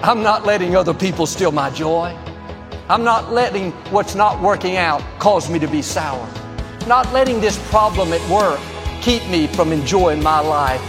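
High-voiced man preaching in a big hall. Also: expressive, measured pace, music in the background. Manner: upbeat, emphatic preaching with a joke. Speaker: pastor. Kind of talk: sermon.

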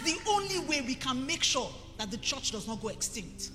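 A middle-aged Nigerian woman pastor preaching a sermon emphatically, building to forceful peaks. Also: sits high, big pitch swings, moderate pace, few pauses. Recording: reverberant hall with faint music.

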